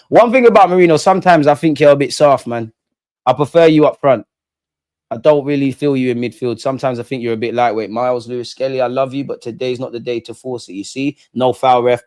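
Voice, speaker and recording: A young man hosting a live football watch-along, blunt and slangy, chanting and shouting when his team scores. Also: mid-range voice, dry recording, clean studio sound.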